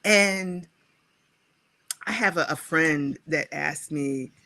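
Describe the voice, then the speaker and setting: A woman guest speaker, a scholar and writer, telling her personal story in a reflective, animated way. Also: sits low, slow pace, no room sound. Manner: animated, acts out her own past dialogue.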